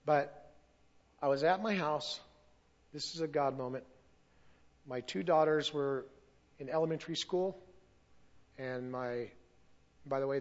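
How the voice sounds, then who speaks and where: A man's voice: on the high side, a little mellow, dull audio. A middle-aged man giving a personal testimony at a church service, earnest and emotional, sometimes losing his place.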